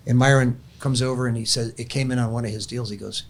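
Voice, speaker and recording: An older man telling his faith story in a relaxed, conversational way, circling back and restarting his sentences as he goes. His voice sits at a mid pitch, and a faint hiss runs under the recording. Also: quick pace. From California. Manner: earnest storyteller, many restarts. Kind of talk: casual testimony chat.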